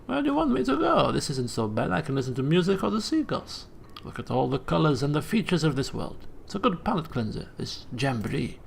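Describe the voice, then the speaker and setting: Gravelly laid-back trucker woman with a Spanish accent, as a man puts her on. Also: fairly high pitch, big pitch swings, brisk, hardly any pauses, slight background noise, heavily acted. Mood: relaxed. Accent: put-on Spanish accent. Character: weary female trucker, laid-back, dryly evasive.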